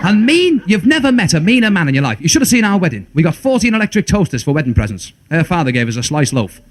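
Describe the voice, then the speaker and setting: A man's voice: fairly high pitch, very animated, fast talker, background noise. A man with a Liverpool accent doing a stand-up comedy routine, chatty and full of stumbling asides.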